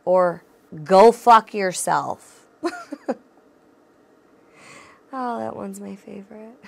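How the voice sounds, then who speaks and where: A woman's voice: mid-range voice, gravelly. A young woman hosting a casual solo podcast, talking straight to her listeners in a candid, encouraging way, swearing freely and laughing often. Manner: encouraging, addresses listeners directly. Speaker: podcast host.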